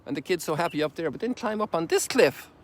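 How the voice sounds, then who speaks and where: A man's voice: a little high, lively intonation, quick pace. An Irish priest in his sixties gives an informal, rambling spoken reflection outdoors, with folksy asides. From Ireland. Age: 60s. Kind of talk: informal reflective sermon while walking. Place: outdoors on a sunrise walk.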